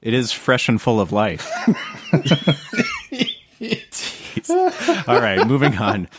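A man's voice: mid-range voice, huge pitch swings, very slow, slight background noise. A man hosting a casual podcast chat, joking and laughing often with his friends. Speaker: podcast host.

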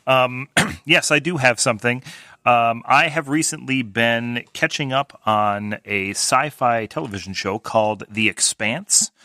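A man's voice: mid-range voice, measured pace, sharp tone, no room sound. A man chatting on a podcast among friends, sharing trivia with dry humor. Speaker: podcast guest. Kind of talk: casual chat.

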